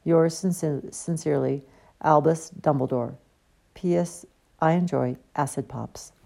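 A woman's voice: low-pitched, a little slow, creaky, dark tone, full character voice. A woman reading out the courteous, formal letter of a kindly elderly male headmaster in an audiobook.

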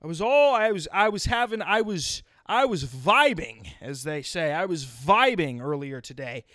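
A man's voice: on the high side, big pitch swings, moderate pace, bright, forceful tone, no room sound, clean studio sound. A man ranting solo on a podcast, exasperated and profane, swerving into sarcastic tangents. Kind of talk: solo comedic rant.

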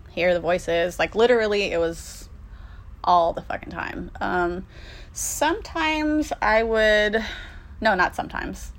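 A young woman telling a personal story in a casual, candid way, with lots of fillers and swearing. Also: mid-range voice.

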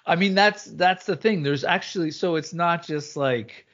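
A man's voice: on the high side, normal speed, fairly bright tone. A man in his thirties, a father co-hosting a podcast, talking casually with lots of stops, restarts and fillers. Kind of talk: casual chat. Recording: slightly muffled recording.

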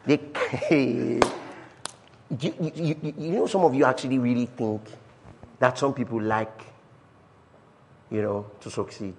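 A man preaching a sermon, reading scripture slowly, repeating key phrases and jumping from quiet asides to shouted declarations. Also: mid-range voice, sing-song, breathy edge.

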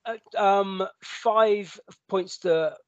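Hesitant, chuckling podcast guest. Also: male voice, high-pitched, takes it slowly, no room sound, lo-fi sound. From United Kingdom. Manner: hesitant, many fillers, laughs easily. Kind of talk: casual chat.

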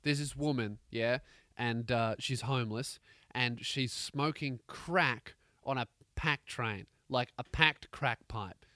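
A man with an Australian accent, a comedian hosting a podcast, telling a profane, rambling story with animated energy. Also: mid-range voice, slow pace, no room sound, clean studio sound. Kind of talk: comedic rant.

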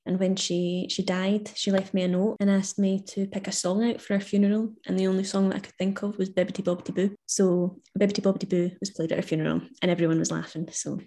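A woman's voice: medium pitch, little pitch movement, fast talker, few pauses, warm tone. A young woman, a guest in a casual chat, talking reflectively with lots of "like" and easy laughter. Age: young adult.

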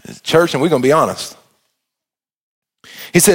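A man preaching a sermon in a church, animated and joking with the congregation. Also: on the high side, moderate pace, long pauses. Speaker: pastor.

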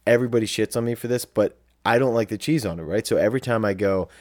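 A man's voice: on the low side, fast, a little mellow, no room sound, clean studio sound. A man with a South Jersey accent, co-hosting a podcast in casual, profane chat. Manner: laid-back, profane storytelling. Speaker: podcast co-host.

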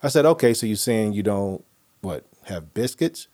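A man hosting a podcast in casual chat, telling animated, profane stories and opinions. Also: fairly low pitch, normal speed. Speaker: podcast host.

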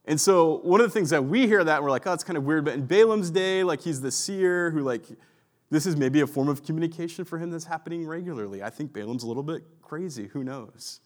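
A man's voice: on the high side, a little fast. Chatty preacher man, everyday tone. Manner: conversational storytelling with many likes and asides. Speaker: pastor. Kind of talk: sermon.

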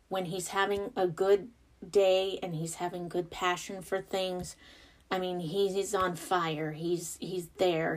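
Woman in her thirties, podcast host, casual monologue, fairly low voice, expressive and self-deprecating. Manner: chatty and expressive, devout, self-deprecating asides.

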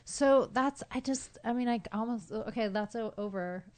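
A woman hosting a podcast, a warmly affirming listener who responds effusively. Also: on the high side, normal speed, dry recording. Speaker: podcast host. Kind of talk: casual conversation.

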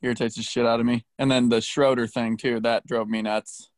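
A man's voice: mid-range voice, little pitch movement, a little fast, no room sound. A man co-hosting a casual sports podcast, ranting blunt hot takes with heavy swearing. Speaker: podcast co-host.

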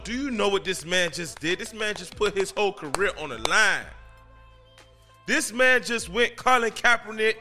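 Excitable bright-voiced male podcast host. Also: fairly high pitch. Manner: excitable, slangy, emphatic rants. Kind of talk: casual solo podcast commentary.

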